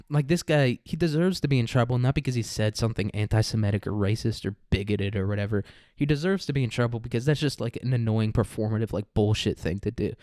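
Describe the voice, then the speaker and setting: A man's voice: medium pitch, darkish tone, dry recording. Sarcastic man ranting, dry sound. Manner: profane, sarcastic, mocking mimicry; laughs through his own jokes. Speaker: commentary podcast host. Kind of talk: casual ranting commentary.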